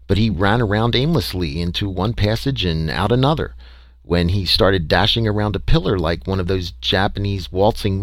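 Wry, low-voiced male storyteller. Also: dry recording. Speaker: audiobook narrator. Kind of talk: first-person story reading.

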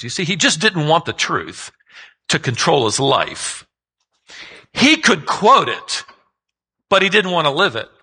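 A man's voice: sits high, pushed and bright, breathy edge, rough recording. A man preaching a sermon as a pastor, emphatic and putting rhetorical questions to his listeners.

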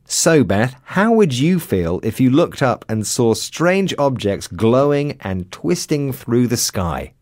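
A man hosting a scripted educational radio programme, speaking in a clear, measured, teacherly way. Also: medium pitch, big pitch swings, darkish tone, no echo. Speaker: host. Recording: dry studio sound.

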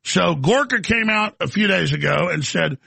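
A man hosting a talk radio show, brash and hammering, repeating phrases for emphasis in a gravelly, raspy voice. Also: high voice, animated, normal speed, bright, forceful tone, dry recording. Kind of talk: fast call-in radio monologue.

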